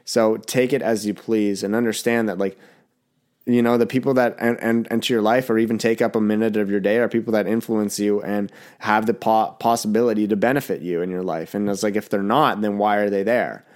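Young male podcast host, a bit under the weather, low-ish voice, blunt and loose, curses casually. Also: fairly even intonation, a little fast, a little mellow. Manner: blunt, rambling, swears freely. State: a little sick, coughing. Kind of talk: casual solo podcast monologue.

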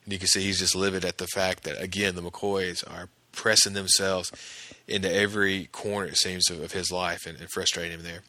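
Guy with a deep voice, punchy forceful tone, rambling episode recap with lots of uhs, dry close mic. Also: little pitch movement, brisk, dry recording. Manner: conversational, many fillers and restarts. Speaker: podcast host recapping an episode.

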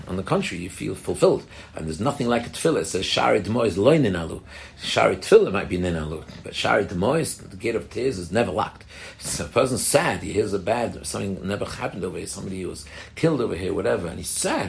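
A man's voice: fairly low pitch, creaky, slight background noise. A middle-aged man from England, a rabbi giving an earnest Torah talk to women, answering questions and often restarting his phrases. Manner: earnest, repeats and restarts phrases, explains plainly.

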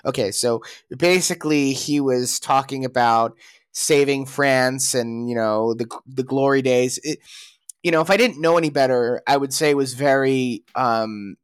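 A man's voice: medium pitch, measured pace, smooth, no echo, studio quality. A man co-hosting a casual podcast, talking through opinions in a rambling way with frequent restarts and fillers. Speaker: podcast co-host.

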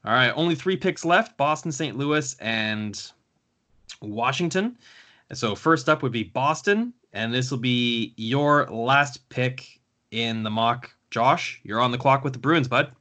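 A man's voice: medium pitch, expressive, unhurried, sharp tone. A man hosting a podcast, chatting casually as he runs through picks. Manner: conversational, runs the draft picks. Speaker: podcast host.

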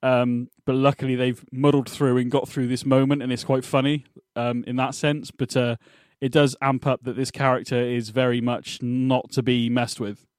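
A man's voice: mid-range voice, little pitch movement, normal speed, darkish tone, dry recording. Rambling podcast guy, dry close sound. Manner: rambling, self-correcting, thinking aloud. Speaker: podcast co-host. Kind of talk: casual chat reviewing a TV episode.

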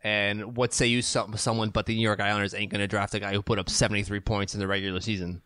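A man from Canada co-hosting a podcast over a video call, talking casually and excitably, often restarting sentences and jumping up in pitch when he makes a point. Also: quick pace, smooth, no room sound. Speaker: podcast co-host. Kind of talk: casual sports talk. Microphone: remote video call.

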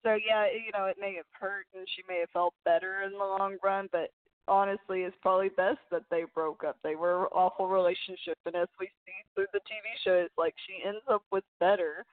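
A woman's voice: medium pitch, fairly even intonation, dry recording. A woman co-hosting a casual chat who teases her partner and gives her opinions freely. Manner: teasing, opinionated, quick to react. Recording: dry, phone-like narrow sound.

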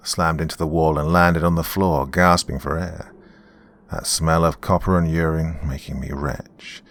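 A man narrating a horror story in a measured, grim storytelling manner. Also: rumbling low, steady tone, fairly bright tone.

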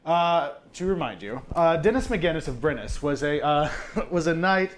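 A man with a slightly high voice recaps earlier events for a tabletop game. He rambles, filling pauses with fillers and breaking off to laugh. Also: animated, a little hiss or hum. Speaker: player.

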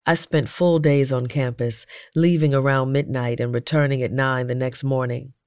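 A man's voice: mid-range voice, fairly even intonation, moderate pace, no echo, clean studio sound. Earnest man reading a memoir. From United States. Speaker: memoir narrator. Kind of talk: audiobook memoir narration.

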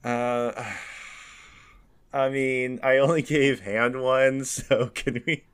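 A man's voice: mid-range voice, flat delivery, extremely slow, clear, resonant tone. A man narrating a tabletop game as game master. He rambles through descriptions with frequent fillers and self-corrections, and often breaks into laughter.

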